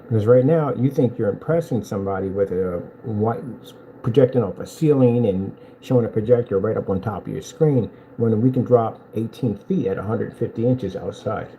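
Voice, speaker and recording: A man selling projector screens in a boastful, taunting vlog rant, telling animated stories with big swings in pitch. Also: normal speed, hardly any pauses, highs cut off, slight background noise. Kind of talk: ranting promotional vlog.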